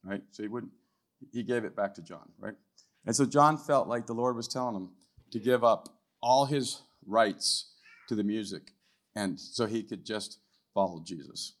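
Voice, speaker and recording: An older man speaking as a guest at a church, telling a testimony story in a loose conversational way, often tagging his lines with "right?" and clearing his throat. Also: lowish voice, normal speed. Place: church hall, live event.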